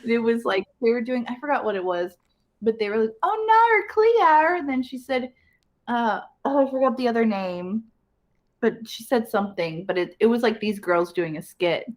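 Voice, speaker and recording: A woman with a fairly high voice chats as a guest on a livestream. She is easygoing and giggles often, talking in quick, loose bursts. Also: a little mellow. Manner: chatty, giggly, quick to laugh. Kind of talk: casual livestream chat.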